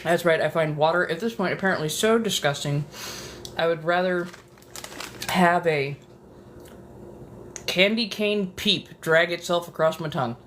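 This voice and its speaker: A woman ASMR streamer with a fairly low voice chats casually from her apartment at a measured pace, leaving long pauses. She swears, gets dramatic, and sometimes drops into whispers. Slight background noise is present.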